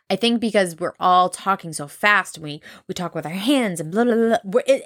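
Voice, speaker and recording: Fast-talking East Coast woman, podcasting solo. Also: fairly low pitch, fairly bright tone, no room sound, studio quality. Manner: fast, candid, profane, rambling. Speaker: podcast host.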